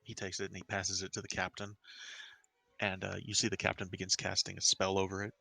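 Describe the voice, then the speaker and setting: A man narrating a tabletop game as game master, halting with fillers. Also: deep voice, monotone, creaky, bright, forceful tone, dry recording, faint music behind.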